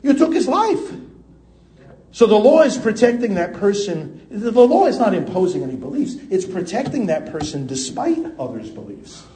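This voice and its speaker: An American man preaching a sermon with passion, swinging between loud emphasis and quiet asides. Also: high-pitched, very animated, normal speed, few pauses, echoey room. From United States.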